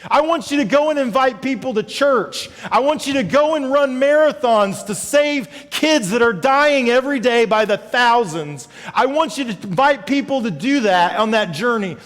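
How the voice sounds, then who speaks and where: A man with a high, light voice preaches a sermon. His voice rings through a large hall with a long reverb tail. He moves from loud, emphatic calls to low, hushed reading of scripture, and he speaks to listeners by name. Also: animated, normal speed, hardly any pauses. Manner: addresses congregation members by name. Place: church sanctuary.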